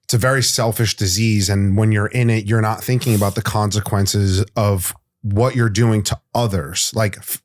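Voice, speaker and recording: A man's voice: on the low side, fairly even intonation, moderate pace, few pauses, no room sound. A young man hosting a podcast, talking candidly and loosely, with plenty of fillers and swearing. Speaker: podcast host. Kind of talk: casual podcast conversation.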